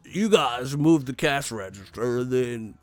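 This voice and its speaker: A man's voice: medium pitch, animated, slow pace, faint music behind. A man voicing a fussy male customer who nitpicks how a store should be arranged. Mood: bossy. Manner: nitpicking, telling others what to do.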